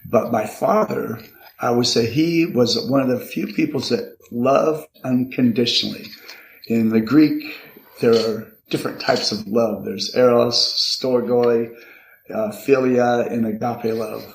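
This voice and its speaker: Gravelly older man in an echoey room. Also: mid-range voice. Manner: earnest, halting with repeated restarts. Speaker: guest. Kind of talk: reflective personal storytelling. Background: card shuffling.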